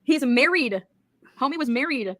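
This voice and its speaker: A woman's voice: high voice, animated, moderate pace, no echo. A woman hosting a casual true-crime talk, blunt, profane and incredulous. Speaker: podcast host.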